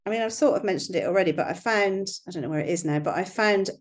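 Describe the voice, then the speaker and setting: A woman's voice: mid-range voice, fast. A woman with a West Country accent, chatting in a thoughtful, hedging way on a podcast. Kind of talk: casual chat.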